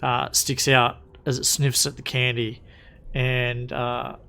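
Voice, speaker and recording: A man's voice: medium pitch, monotone, takes it slowly, sharp tone, slight background noise. Casual man running a tabletop game. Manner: casual, many restarts and fillers. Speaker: game master.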